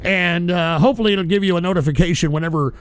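A man's voice: high-pitched, fast talker, clean tone. A man hosting a casual live stream, talking in a profane, brash and rambling way. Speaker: host.

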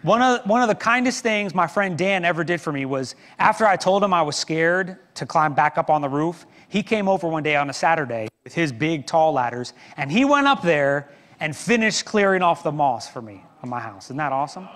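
A man's voice: a little high, animated, brisk, hardly any pauses, fairly bright tone, big-room sound. A middle-aged man preaching a sermon as pastor, telling a story with self-deprecating humor. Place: church sanctuary.

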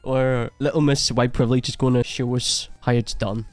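A man's voice: medium pitch, flat delivery, normal speed, no room sound. A man hosting a reaction video, commenting casually on footage with a mocking, laughing manner.

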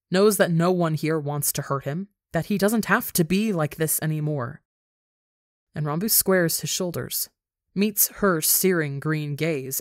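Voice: mid-range voice, dry recording, studio quality. A podcast reader narrating a fan fiction story with intense, dramatic storytelling.

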